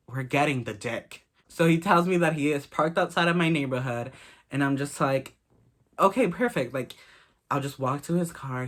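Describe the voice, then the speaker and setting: A man's voice: mid-range voice, fairly bright tone. A man in his late teens, telling a personal story in a candid, gossipy, profane way. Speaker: vlogger. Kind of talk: casual story time.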